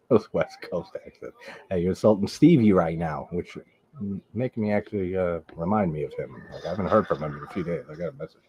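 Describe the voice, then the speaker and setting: Deep-voiced New guy, rambling. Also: fast talker, warm tone, dull audio, a little hiss or hum. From Long Island, New York. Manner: rambling, heavy on "like", swears casually. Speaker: host of a horror movie live stream. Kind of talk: casual live chat reacting to viewers.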